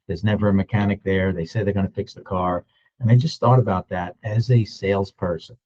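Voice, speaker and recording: Deep-voiced man in his sixties telling a story. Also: fairly quick, highs cut off. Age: 60s. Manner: animated storytelling, acting out other people's voices. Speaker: real estate agent. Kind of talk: storytelling vlog.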